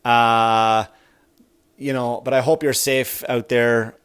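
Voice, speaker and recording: A man's voice: mid-range voice, level tone, slow pace, fairly bright tone, smooth. A man hosting a solo comedy podcast, rambling and swearing, and getting heated as he goes. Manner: rambling, profane, gets heated. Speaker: podcast host.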